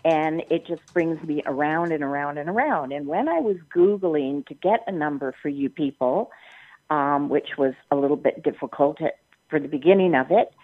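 The target of a prank call, an older woman from Canada, airs her grievance on a tinny-sounding phone, distressed and nearly crying. Her low voice moves at a normal pace as she indignantly goes on and on, repeating herself and returning to the same complaint.

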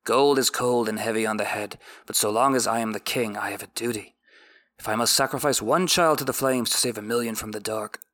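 A man voicing a stern, grim middle-aged king in an audiobook-style reading, speaking low, quiet and clipped. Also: fairly quick, no echo, close to an everyday voice.

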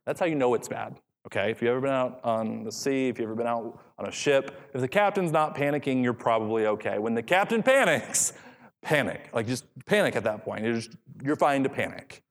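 A man's voice: medium pitch, lively intonation, a little fast. A man preaching an expository sermon, reading scripture aloud and repeating key phrases for emphasis. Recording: long hall reverb.

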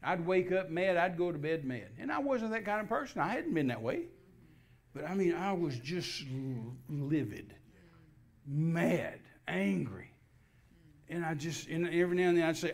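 Older guy, kinda high voice, folksy story, keeps restarting and acting out what folks said. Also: moderate pace, creaky. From Texas. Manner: folksy, repetitive restarts, animated quoting of dialogue. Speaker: guest minister. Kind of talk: personal testimony storytelling.

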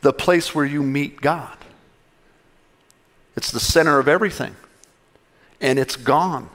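A man's voice: a little high, measured pace, fairly bright tone. A male pastor giving a conversational sermon, acting out little dialogues with God.

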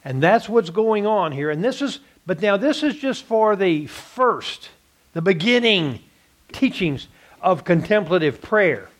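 Texan male Bible teacher, higher register, rhetorical lecturing style. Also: sing-song, unhurried. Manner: asks rhetorical questions and answers them. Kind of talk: classroom Bible lesson.

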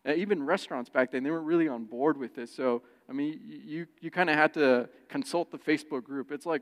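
Man preaching, fairly high voice, animated storyteller, long echo of a church hall. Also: a little fast, few pauses. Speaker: pastor. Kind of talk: sermon with personal story.

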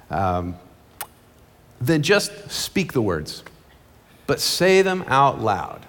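A male pastor preaching an earnest, conversational sermon from a church stage, with quick asides. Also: medium pitch, wildly swooping pitch, a bit bright. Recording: long reverb of a large hall.

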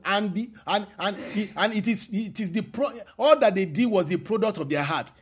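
A man preaching a sermon, repeating his phrases and stressing them slowly. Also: high-pitched, expressive, breathy edge.

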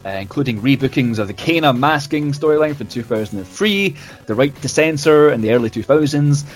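A man hosting a casual podcast, laughing often and stumbling over repeated words. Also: mid-range voice. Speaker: podcast host.

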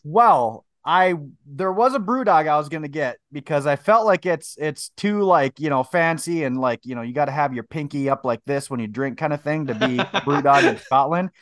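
A man's voice: on the high side, animated, moderate pace, few pauses, fairly bright tone, no echo, studio quality. A man co-hosting a podcast, chatting casually, joking and rambling as he reads drink labels aloud. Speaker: podcast co-host. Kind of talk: casual chat.

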